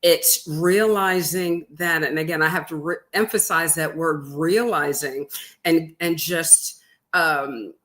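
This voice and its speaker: Earnest, low-voiced woman author guest. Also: bright, forceful tone. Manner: earnest and reflective, many pauses and fillers. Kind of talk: live interview conversation.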